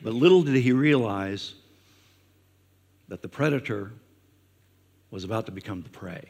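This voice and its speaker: A man's voice: fairly low pitch, animated, unhurried, a little mellow, breathy edge. A male pastor preaching a conversational sermon with frequent fillers, who acts out questions in a raised voice. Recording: long hall reverb.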